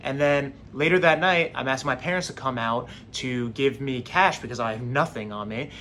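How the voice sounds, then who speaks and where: A young man casually telling a story straight to camera, animated and acting out what others said. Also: medium pitch, normal speed, slight background noise. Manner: animated, acts out quoted voices.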